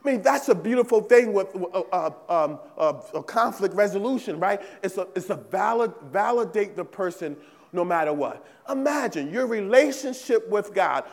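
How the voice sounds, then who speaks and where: A man's voice: high voice, lively intonation, normal speed, creaky, in a large hall. A male pastor preaching a sermon in a church, emphatic and repetitive, often checking in with the congregation. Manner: emphatic preaching, repeats phrases, asks "right?" often. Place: church sanctuary.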